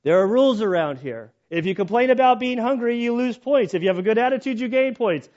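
A man playing a jovial father who speaks playfully and loudly to his son, inside a sermon story. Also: very high-pitched, expressive, fast, muffled recording, pitched above the performer's own voice. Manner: playful, loud, upbeat.

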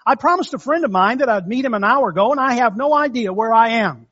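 A man's voice: very high-pitched, animated, fast, a bit bright, lo-fi sound, exaggerated voice. A man doing a lost, grumbling balloonist. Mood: complaining. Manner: read-aloud joke voice, complaining.

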